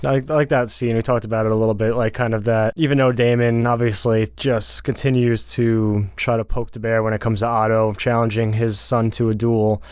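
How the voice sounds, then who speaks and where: A man co-hosting a podcast in casual chat, talking in a thoughtful, measured way with some hesitation. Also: medium pitch, little pitch movement, darkish tone, clear, resonant tone, no room sound, studio quality. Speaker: podcast co-host.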